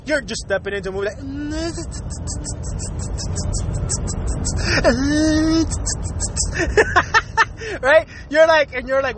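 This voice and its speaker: He talks slowly, leaving long pauses, in a very high voice that sounds pushed and bright. It's his own podcast, and he's on a casual, swear-filled rant with lots of fillers and laughter, over a faint hiss or hum.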